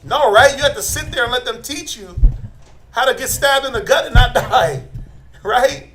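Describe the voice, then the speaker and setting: Blunt high-voiced man preaching. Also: moderate pace, a bit bright, a little hiss or hum, rough recording. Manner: blunt, challenging, rhetorical questions. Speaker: religious teacher. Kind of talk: informal preaching to a group.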